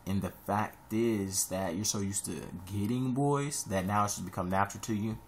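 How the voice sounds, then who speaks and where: A young man from Columbus, Ohio, giving rambling casual advice in a vlog, animated with sudden high-pitched jumps. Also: moderate pace, slight background noise.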